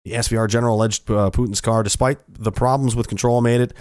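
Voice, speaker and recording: A man's voice: medium pitch, steady tone, fast, darkish tone, dry recording, studio quality. A man hosting a casual commentary show, talking in a sarcastic, profane way into a headset mic.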